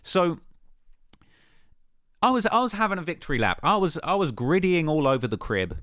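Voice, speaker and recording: A young man talking straight to camera with a jokey, mock-boastful swagger and lots of slang. His pitch jumps around lively, and the recording is dry with no room sound. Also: moderate pace, no echo. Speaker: YouTuber in a played clip. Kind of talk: casual vlog talk.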